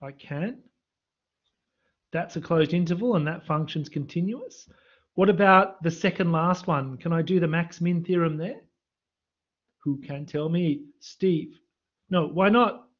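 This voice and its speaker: A man's voice: sits high, a little slow, pauses often, highs cut off. A man teaching a live-streamed maths revision lesson, quizzing students in the chat. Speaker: university maths lecturer. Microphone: computer mic on a live stream.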